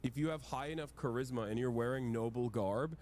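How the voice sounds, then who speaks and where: A man in a played stream clip, explaining his view in a halting, lecturing way. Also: mid-range voice, darkish tone, a little hiss or hum. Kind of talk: explaining, casual.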